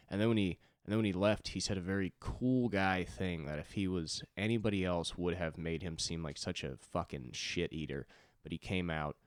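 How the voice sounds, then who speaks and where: A man's voice: deep voice, no echo, clean studio sound. A young man, a comedian, rambling through a solo podcast monologue in a self-deprecating way.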